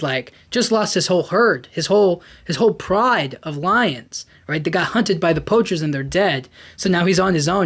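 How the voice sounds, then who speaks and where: Rambling podcast host man. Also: a little high. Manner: rambling, animated, lots of fillers and restarts. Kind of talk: casual movie recap.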